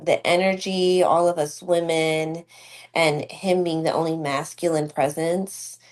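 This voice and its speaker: A woman speaks in a low, grounded voice in a relaxed podcast chat. She tells an emotional story from her work as a doula, emphatic and heartfelt. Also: a little slow. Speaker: doula and student midwife. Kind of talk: casual podcast conversation.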